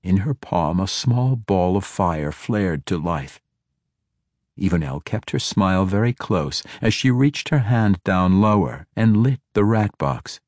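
A man reads a fantasy novel aloud in a steady, measured way. His voice sits very low with a husky grain, and he takes his time. The recording is dry and close, with no room sound. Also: no room sound. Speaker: audiobook narrator. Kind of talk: scripted fantasy narration.

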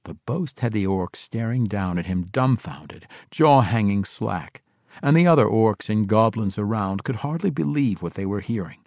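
A low-voiced man reads a fantasy adventure aloud with lively, rising and falling delivery. The sound is close and dry, with no room around it. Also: normal speed, no echo. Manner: expressive storytelling. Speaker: audiobook narrator. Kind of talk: scripted fantasy narration.

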